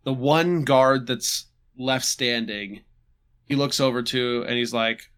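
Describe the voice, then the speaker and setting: A man casually recapping a tabletop game session, halting and restarting with chuckles. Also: mid-range voice, expressive, a bit bright, clear, resonant tone. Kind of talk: casual chat.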